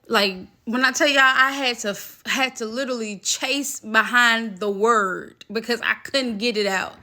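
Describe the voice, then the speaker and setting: A woman recounts her own story to the camera, speaking to viewers directly and emphatically. Her voice is bright and edged, and she takes her time over each phrase. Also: medium pitch. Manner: emphatic, talks straight to viewers, acts out quoted voices. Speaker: vlogger telling a personal story. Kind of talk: casual storytime.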